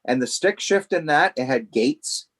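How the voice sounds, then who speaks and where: A man telling a story on a casual podcast, animated and laughing as he goes. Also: on the high side, a little slow.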